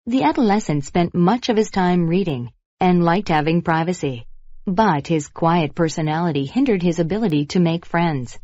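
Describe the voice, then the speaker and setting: Low-voiced woman reading lesson sentences. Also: expressive, normal speed, mellow, no echo, lo-fi sound. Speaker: lesson narrator. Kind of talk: scripted vocabulary lesson narration.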